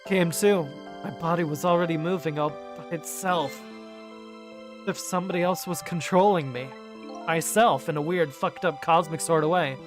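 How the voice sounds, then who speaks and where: A woman voicing a weary young man from a game story in a low, subdued voice, reading the dialogue aloud. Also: moderate pace, music in the background, natural voice.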